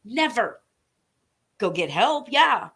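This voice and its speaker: A woman commentator launches into an angry, profane direct-to-camera rant, complete with threats and emphatic points. Her pitch is fairly high and sing-song, her pace slow, and her fairly bright tone carries a breathy edge.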